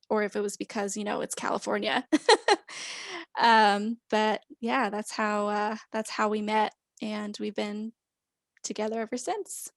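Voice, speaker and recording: A woman's voice: mid-range voice, dry recording. A woman guesting on a podcast, telling stories in an easygoing, chatty way. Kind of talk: casual conversational storytelling.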